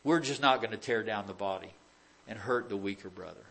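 His voice is on the low side, gravelly and fairly bright, and he talks briskly. The American man delivers an expository, verse-by-verse sermon in a conversational style, using rhetorical questions and sarcastic, dry asides.

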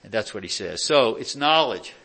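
A man's voice: on the low side, lively intonation, moderate pace, bright, forceful tone. A man preaching a verse-by-verse sermon in a conversational way, with rhetorical questions and dry sarcastic asides. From United States. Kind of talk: expository sermon.

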